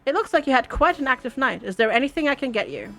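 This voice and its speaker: A woman's voice: high-pitched, big pitch swings, fast talker, exaggerated voice. A woman voicing a cheerful, polite young French lady's maid in a put-on French accent. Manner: bright, polite, eager to please.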